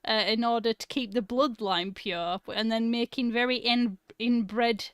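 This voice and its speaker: A woman's voice: a little high, steady tone, measured pace, a bit bright, clean tone, no echo, studio quality. Giggly woman chatting. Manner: giggly, rambling, swears. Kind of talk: casual chat.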